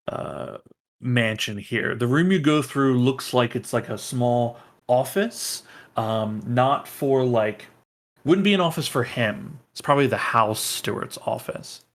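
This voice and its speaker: A man narrating as game master of a tabletop role-playing game, in a casual way full of fillers. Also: medium pitch.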